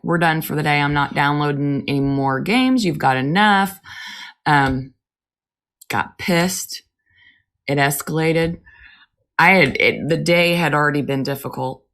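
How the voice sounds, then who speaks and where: A woman's voice: sits low, fairly bright tone. A woman in her thirties co-hosting a podcast, telling candid family stories and swearing freely in casual chat. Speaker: podcast co-host.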